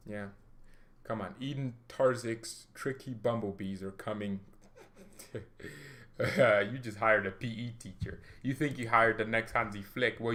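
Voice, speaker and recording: A man hosting a football reaction vlog, talking in an animated, jokey, rambling way. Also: mid-range voice. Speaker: football reaction channel host. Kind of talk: casual reaction vlog commentary.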